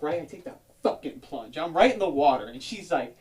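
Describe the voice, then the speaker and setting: Guy doing standup, talks super fast, kinda distant sounding. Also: on the high side. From South New Jersey. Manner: animated, self-deprecating, acts out other people. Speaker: stand-up comedian. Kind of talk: stand-up comedy set.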